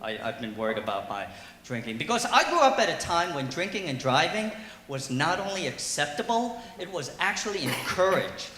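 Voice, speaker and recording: Animated bright-voiced male comedian. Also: a little high, moderate pace. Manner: animated, shifts into loud yelling voices for bits. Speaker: stand-up comedian. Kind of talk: stand-up comedy set. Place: brewery comedy stage, roomy hall. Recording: echoey hall recording.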